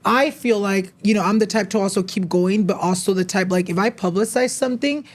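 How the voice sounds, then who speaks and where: A woman hosting a podcast, asking gentle, empathetic interview questions. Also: medium pitch, brisk. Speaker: podcast host.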